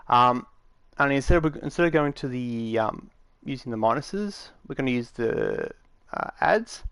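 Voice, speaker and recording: A man of middle pitch talks through a tutorial in a loose, rambling way, full of fillers and restarts. His tone stays matter-of-fact. The sound is dry and close, with no room around it. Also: clear, resonant tone, no room sound. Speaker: game tutorial maker. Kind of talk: casual screen-recorded tutorial.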